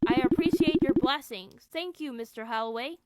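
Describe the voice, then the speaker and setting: A man's voice: very high voice, normal speed, loud music behind the voice. A woman voicing an earnest, polite young man devoted to his sweetheart.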